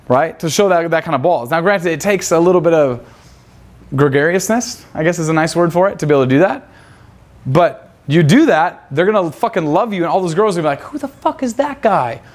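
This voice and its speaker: Speaking fairly quickly in a fairly high-pitched voice, a man runs a live seminar. The instructor is brash and foul-mouthed, peppering the crowd with rhetorical questions.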